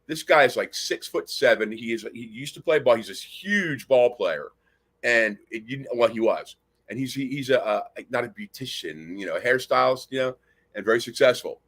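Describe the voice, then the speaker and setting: A man's voice: medium pitch, animated, moderate pace, fairly bright tone, slightly rough. A man from Nashville hosting a talk radio show, telling long rambling stories with plenty of swearing. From Nashville, Tennessee. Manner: rambling, profane storyteller. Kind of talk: casual chat.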